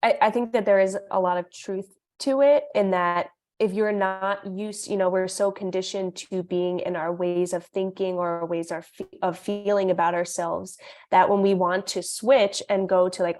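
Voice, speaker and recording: A woman's voice: medium pitch, fairly even intonation, normal speed, darkish tone. Thoughtful woman podcast guest. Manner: thoughtful, explanatory. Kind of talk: casual podcast conversation.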